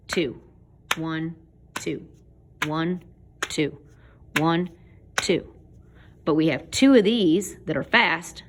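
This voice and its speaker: A woman teaching a casual home video music lesson, chanting words and tapping out syllables and beats. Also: mid-range voice.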